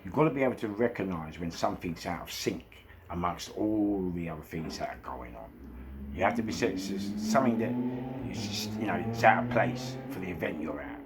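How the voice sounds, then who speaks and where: A middle-aged man with a London accent telling a nightclub security story, animated, laughing often and swearing freely. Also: low voice, brisk. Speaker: former nightclub security boss. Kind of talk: storytelling anecdote. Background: background music.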